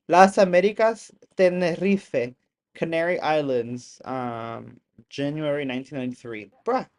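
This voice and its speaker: Excitable live streamer reacting to videos. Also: medium pitch, a little slow. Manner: excitable, bursts into loud exclamations; chatty, apologetic asides to viewers.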